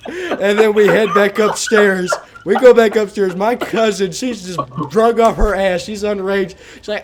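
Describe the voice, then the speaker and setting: A man's voice: high voice, moderate pace, a little hiss or hum. A young man casually telling a rowdy family story on stream, swearing and laughing as he acts out relatives. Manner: animated, laughing, swearing, acting out relatives' voices.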